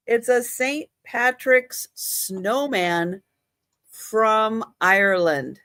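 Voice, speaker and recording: Unhurried woman hosting a live sale. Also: fairly high pitch, bright, forceful tone, clean tone, no room sound, clean studio sound. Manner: chatty, laughs at her own slips. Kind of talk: live online auction selling.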